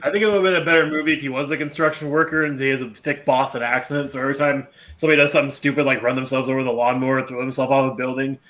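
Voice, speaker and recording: A man co-hosting a podcast, chatting casually in an animated, sarcastic way and laughing often. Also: medium pitch, very fast, hardly any pauses. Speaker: podcast co-host. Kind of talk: casual chat.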